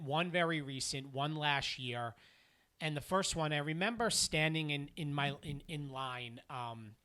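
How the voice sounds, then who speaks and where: Earnest bright-voiced middle-aged man. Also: on the high side. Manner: earnest and emphatic, drops softer when telling stories. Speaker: motivational keynote speaker. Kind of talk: motivational podcast monologue.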